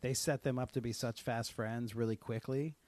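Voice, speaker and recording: A man co-hosting a podcast in easygoing casual chat, agreeable and quick to laugh. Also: mid-range voice, steady tone, a little mellow, dry recording. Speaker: podcast co-host.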